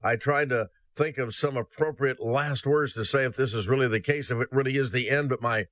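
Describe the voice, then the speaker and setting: A man preaching a sermon, telling a story aloud in an earnest, slow and solemn way. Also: mid-range voice, a bit bright, dry recording. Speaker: ministry host.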